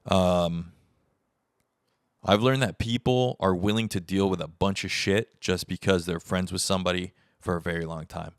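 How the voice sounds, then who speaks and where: A man's voice: deep voice, fairly even intonation, moderate pace, clear, resonant tone, no room sound, clean studio sound. A man in his thirties hosting a solo podcast, talking candidly and rambling, swearing casually and acting out the conversations he recounts. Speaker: podcast host. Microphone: podcast mic on camera setup.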